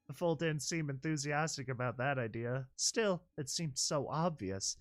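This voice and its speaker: A man reading a fan fiction story aloud, animated, with joking commentary and chuckles. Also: mid-range voice, moderate pace, hardly any pauses. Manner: animated, joking asides, laughs mid-line. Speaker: reader and commentator.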